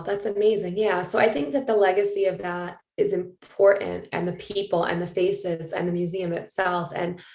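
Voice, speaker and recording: A woman's voice: fairly low pitch, creaky, darkish tone. A woman hosting a podcast, telling a story in a chatty, casual way full of fillers. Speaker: podcast host. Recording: roomy echo.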